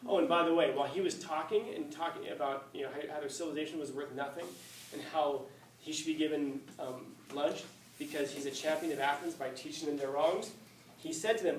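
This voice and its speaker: A man's voice: a little high, fairly quick. Male teacher, casual storytelling lecture with a joking tone, recorded from afar with faint hiss. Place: classroom. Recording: echoey classroom, far mic, faint hiss.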